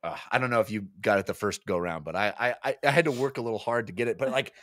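A man's voice: lowish voice, rapid-fire, fairly bright tone, no echo, studio quality. A man co-hosting a casual book club chat, recapping chapters and acting out characters' lines in playful voices. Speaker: podcast co-host.

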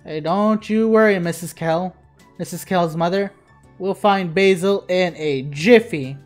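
A woman voicing an energetic, easygoing teenage boy who talks with casual slang. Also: lowish voice, unhurried, faint music behind, pitched below the performer's own voice, close to an everyday voice. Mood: reassuring.

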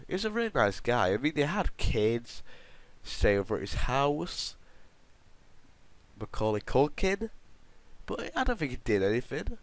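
Lively, joking man. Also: medium pitch, no echo. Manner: rambling, jokey, chatting to viewers. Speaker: gaming video host. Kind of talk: gameplay commentary.

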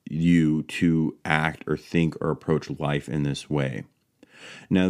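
A man's voice: extremely low pitch, a little mellow. A man hosting a solo educational podcast, explaining in an earnest way and correcting himself as he goes. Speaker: podcast host.

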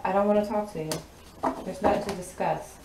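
A woman's voice: medium pitch, fairly even intonation, fairly quick, distant mic. A woman, giving a sassy, drawling tarot reading in a spoken channeling style and laughing often. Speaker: tarot reader. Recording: echoey room, voice off-mic, noisy.

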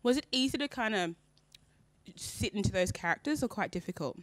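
A woman hosting an interview in a studio, asking curious, animated questions. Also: medium pitch, a little fast, no echo. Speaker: interview host.

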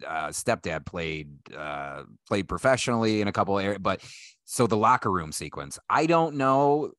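A man with a fairly low voice talks quickly and excitedly, stringing thoughts together with "like". His sound is close and dry, with no room behind it. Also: no echo. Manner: fast, excitable, peppered with "like". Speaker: podcast guest, filmmaker. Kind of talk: casual film review chat.

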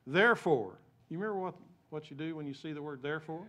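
A male pastor delivers a sermon in a church, his voice sitting a bit high for a man. He tells stories with frequent restarts and repeated words, and he drops to a soft, low voice when he prays. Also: fast talker.

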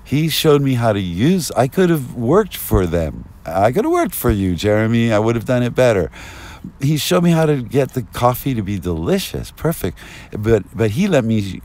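Agitated rambling man, lively pitch. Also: normal speed. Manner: agitated, rambling, swings into yelling. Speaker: vlogger. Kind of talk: rambling street monologue. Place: outdoors on a street. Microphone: binaural mic.

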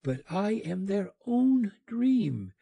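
A man voicing a sad, fading dream spirit that speaks in a mournful, pleading way, raised well above his usual pitch. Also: sing-song, slow pace, vocal fry, breathy edge, dry recording, muffled recording, heavily acted. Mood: sorrowful pleading.

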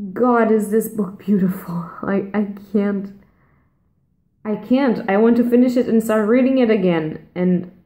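A woman's voice: medium pitch, warm tone. Gushing young woman vlogging in an echoey room. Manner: gushing and emotional, laughs often. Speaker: book vlogger. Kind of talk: casual vlog chat.

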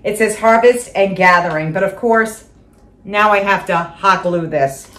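A woman's voice: medium pitch, unhurried, a bit bright. An older woman chatting casually at home as she shows off her shopping haul, gushing and repeating herself with little laughs. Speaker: vlogger showing a shopping haul.

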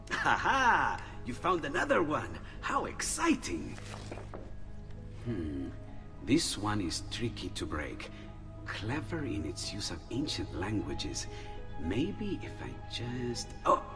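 An actor playing a cheerful, excitable male Renaissance inventor who exclaims with delight. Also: lowish voice, slow, recorded from a distance, exaggerated voice. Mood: excited. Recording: long hall reverb. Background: faint game music.

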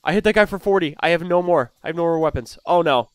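A young man giving excited gameplay commentary as a gaming YouTuber, swinging between hushed muttering and loud outbursts. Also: fairly high pitch, fast, clean tone, no echo, clean studio sound.

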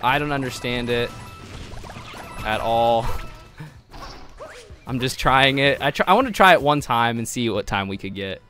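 A man live-streaming gameplay, chatting with viewers in an excitable, gushing way and laughing often, flustered. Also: medium pitch, normal speed, soft background music.

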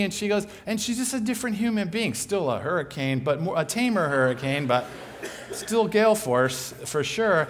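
A man preaching a sermon as an animated, humorous storyteller. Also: sits high, moderate pace.

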